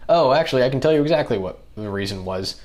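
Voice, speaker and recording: A young man, a podcast guest, telling a story in a casual, animated way and acting out what others said. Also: medium pitch, fast talker. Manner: animated, acts out other people's lines in the telling.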